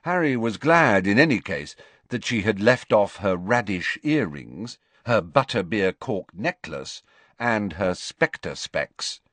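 Male audiobook reader, very expressive, dry studio sound. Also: lowish voice, takes it slowly, no room sound. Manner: expressive, varied storytelling. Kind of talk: audiobook narration.

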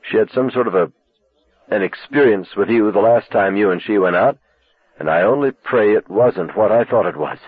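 A man's voice: lowish voice, normal speed, breathy edge, no echo. A man reading aloud, voicing a cool, protective middle-aged mother. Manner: cool, clipped. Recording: tinny lo-fi cassette sound.

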